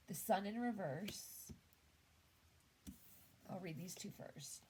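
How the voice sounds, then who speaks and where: A Canadian woman talks through a tarot spread in an easygoing monologue. Her voice sits low and she takes her time. She muses aloud, trailing off and starting sentences over. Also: slow, pauses often, noisy background. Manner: musing, trails off and restarts. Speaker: tarot reader. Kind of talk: casual tarot reading monologue.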